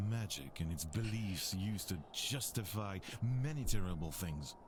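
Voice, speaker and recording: Deep-voiced serious guy, slow and measured, ambient noise behind. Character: grave male character troubled by cruelty. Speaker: game character.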